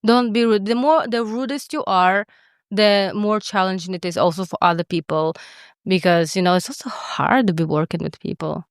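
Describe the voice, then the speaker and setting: A woman's voice: fairly low pitch, moderate pace, dry recording, clean studio sound. Candid, profane woman podcast co-host. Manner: candid and profane, lots of filler words. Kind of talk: casual podcast chat.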